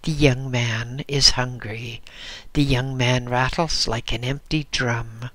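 Man reading as ancient blind hermit, dry scarcely used voice, very slow, bright tone, solemn and kindly. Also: mid-range voice, fairly even intonation, dry recording. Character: ancient blind male hermit, gentle and humble.

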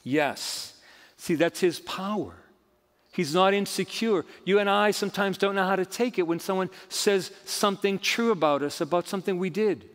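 A man's voice: high-pitched, normal speed, long reverb tail. A male pastor preaching a sermon with emphatic, rising and falling delivery. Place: church sanctuary.

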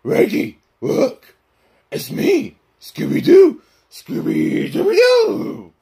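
A man voicing a goofy talking male cartoon dog with a high, warbling yelp. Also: wildly swooping pitch, slow, vocal fry, mellow, full character voice. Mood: excited.

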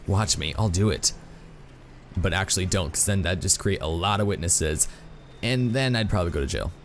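A man doing excitable, self-mocking live commentary while playing a video game, full of exclamations. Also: sits low, normal speed, a little hiss or hum. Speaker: gaming YouTuber.

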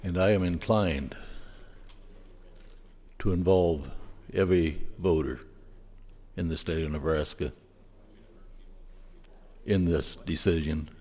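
A man speaks in a very low, mellow voice, measured and deliberate, giving a speech on the legislative floor. The big chamber adds long reverb to his words. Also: husky. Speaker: state senator.

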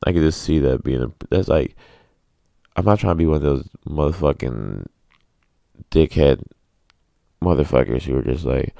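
Man, dark mellow tone, dry close sound, crude joking podcast rant. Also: a bass voice, expressive, normal speed, vocal fry, pauses often, dry recording. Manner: crude, joking, self-mocking, restless delivery. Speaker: podcast host. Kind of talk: rambling solo podcast rant.

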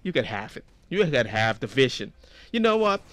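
A man voicing a calm, doting male knight champion in a low, soft, affectionate voice. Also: moderate pace, soft background music. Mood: generous.

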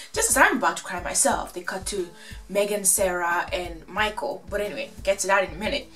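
A woman recapping a reality show in a casual, gossipy, animated way. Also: medium pitch, far from the mic. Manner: gossipy, animated, acts out quotes.

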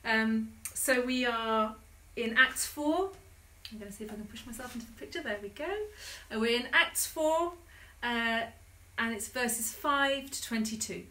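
A woman leading a church service, chatting in a relaxed way before reading scripture aloud. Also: fairly high pitch, a little slow, reverberant.

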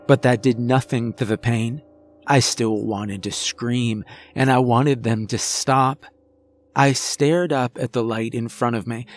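A man narrating a scripted first-person horror story in a measured, tense way. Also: mid-range voice.

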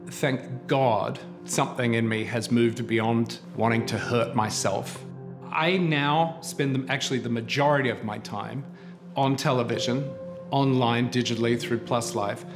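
Man in his forties, earnest interview testimony, mid pitch, music bed behind. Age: 40s. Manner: candid, earnest storytelling. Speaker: producer and HIV advocate.

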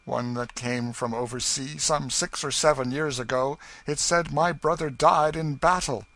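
A man voicing a solemn, sorrowful nobleman who speaks slowly and heavily in archaic English. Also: mid-range voice, steady tone, a bit bright, dry recording, pitched above the performer's own voice. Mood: grave. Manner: slow, heavy, solemn delivery. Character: grave, sorrowful younger brother, nobleman.

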